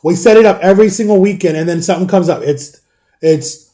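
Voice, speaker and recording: High, mellow-voiced man rambling in frustration. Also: expressive, fast talker. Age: 30s. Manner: rambling, exasperated, swears casually. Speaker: father vlogging about parenting. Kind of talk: casual storytime vlog.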